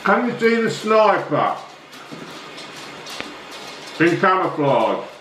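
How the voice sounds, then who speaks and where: A middle-aged man's high, sing-song, slightly bright voice moves slowly over slight background noise in an echoey room. As a vlogger going through newspaper stories, he chats casually, blunt and ranting, swearing plenty.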